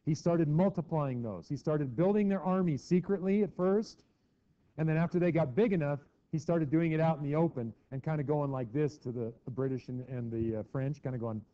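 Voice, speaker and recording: A middle-aged history teacher talks fairly quickly in a slightly high voice, keeping the lesson conversational. He performs quotes with mock voices, and the classroom audio is dull and lo-fi.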